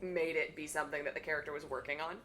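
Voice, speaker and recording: Bright-voiced woman telling chatty stories. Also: sits low, little pitch movement, rapid-fire, slight background noise. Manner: chatty, many fillers, laughs while telling stories. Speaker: charity stream commentator. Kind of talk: casual chat, retelling a tabletop game story.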